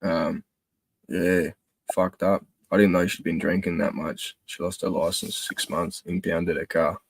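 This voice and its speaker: A man's voice: low-pitched, little pitch movement, a little slow, slightly rough, no room sound. A young Australian man chatting casually, crude and heated, with heavy swearing. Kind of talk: casual chat.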